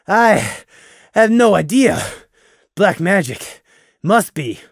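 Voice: medium pitch, sing-song, slow, gravelly, breathy edge, no room sound, studio quality, voice pushed up, exaggerated voice. A man voicing a pony who is out of breath and aghast. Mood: breathless. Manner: panting, aghast.

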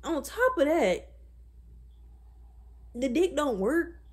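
A woman in her twenties talking in a casual, blunt and profane way, animated as she vents about dating. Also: high voice, slow pace. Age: 20s. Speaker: vlogger. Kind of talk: casual chat.

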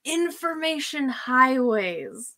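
A woman host delivers a sneering, profane rant. Her voice sits a little high, and she drags her words out slowly. She laughs often and mocks with heavy sarcasm. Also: sing-song, bright, forceful tone. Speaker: channel host. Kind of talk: profane ranting commentary.

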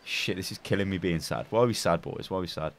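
A man bantering over a video game, boastful, sweary and quick to laugh. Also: deep voice. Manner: boisterous, sweary, giggly mock-pompous bragging. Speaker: gamer playing with a friend. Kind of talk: casual gaming banter.

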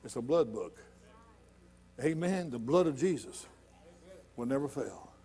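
A middle-aged man preaching a sermon in a church, folksy and conversational, building to loud emphatic points. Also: medium pitch, animated, measured pace, faint music behind. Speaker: pastor.

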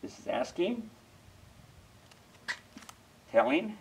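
A man's voice: sits high, big pitch swings, extremely slow, a little hiss or hum, rough recording. A man demonstrating mule halter training outdoors at a ranch, folksy and emphatic, who keeps asking his listeners questions.

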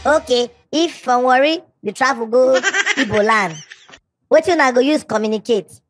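Cartoon lead: boisterous scheming schoolboy, voiced by a woman, Nigerian Pidgin accent, high voice. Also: moderate pace, over music, lightly acted. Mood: lecturing. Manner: boisterous, preachy. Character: cheeky schoolboy Tegwolo, loud and scheming.

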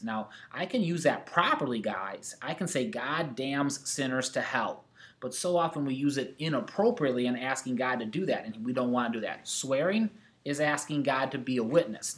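A man's voice: medium pitch, fairly bright tone. Man teaching a catechism lesson. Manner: reads scripture aloud, numbering answers. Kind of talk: recorded classroom lesson.

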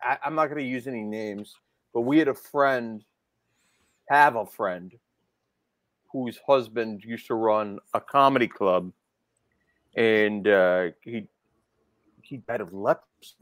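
Male host, slow and bright, dry close sound, joking and self-mocking. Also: on the low side, no echo. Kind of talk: casual chat.

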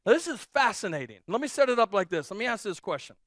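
A man preaching a sermon as pastor, telling stories in a lively way and repeating phrases for emphasis. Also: high voice, fast, no echo, clean studio sound. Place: church.

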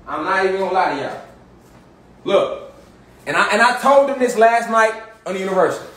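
A man launches into a profane, impassioned rant, hammering the same points again and again. His voice sits high and the words tumble out quickly. The room gives his voice a roomy, echoing ring. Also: fairly bright tone. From Chicago. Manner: emphatic, profane, repetitive street talk. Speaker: commentator.

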